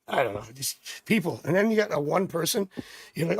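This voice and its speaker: Chatty man with a gravelly voice. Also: high-pitched, expressive, quick pace, no room sound. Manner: rambling and chatty, drifting into personal stories. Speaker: tarot reader hosting a live stream. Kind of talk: casual livestream chat.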